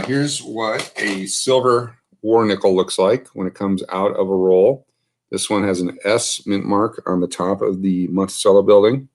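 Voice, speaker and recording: A man with a very low voice talks loosely and unhurriedly, filling pauses as he sorts coins. A faint hiss and occasional clicks sit under his voice. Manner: relaxed, unscripted, many fillers and asides. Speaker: coin collecting vlogger. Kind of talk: casual show-and-tell narration. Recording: faint background noise with clicks.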